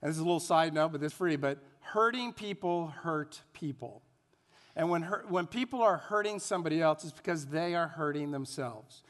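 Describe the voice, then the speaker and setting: A man preaching a sermon as pastor, animated, asking the congregation questions and having them repeat phrases. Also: a little high, normal speed. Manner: animated preaching with rhetorical questions and call-and-response. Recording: long hall reverb.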